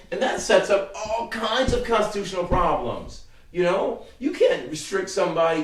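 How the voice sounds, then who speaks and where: A middle-aged man hosting his own legal commentary, talking casually in a heated, rambling and profane way. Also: high voice. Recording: roomy sound from a distant mic.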